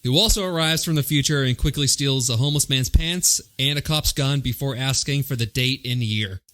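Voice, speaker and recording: A young man co-hosting a casual podcast, easygoing and quick to laugh. His voice sits at an everyday middle pitch. He walks listeners through a film's story in relaxed, chatty asides. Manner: laid-back, recaps the plot, laughs often. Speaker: podcast co-host. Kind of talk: casual chat.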